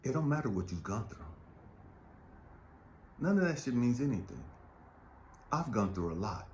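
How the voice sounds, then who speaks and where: A middle-aged man giving an impassioned motivational monologue. He is blunt and profane, repeats lines for emphasis, and swings between low murmurs and fired-up outbursts. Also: big pitch swings, normal speed, darkish tone, roomy sound, a little hiss or hum. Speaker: motivational speaker.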